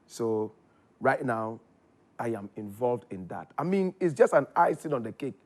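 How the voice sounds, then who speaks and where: A man with a Ghanaian accent telling his story in casual chat, animated, his voice jumping up when excited. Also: mid-range voice, normal speed. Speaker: guest.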